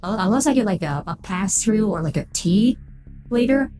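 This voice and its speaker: A woman's voice: medium pitch, animated, normal speed, mellow, faint music behind. A woman streaming a game through a voice-changer filter, chatting casually, thanking followers and reading chat aloud. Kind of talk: casual live-stream chat while playing.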